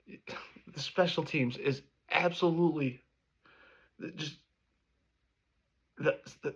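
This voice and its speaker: A man's voice: on the high side, slow pace, pauses often, fairly bright tone, slightly rough. A man in his thirties, a sports fan vlogger, delivering an angry, profane reaction rant. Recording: dull lo-fi recording.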